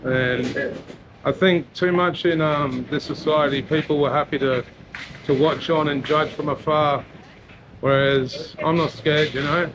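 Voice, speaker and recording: Unhurried and fairly high-pitched, this Australian man wanders his area chatting in a heartfelt, easygoing way, with "you know" turning up constantly. The vlogger and rapper's walk-and-talk, set on a town street and in a mall, is recorded amid street noise.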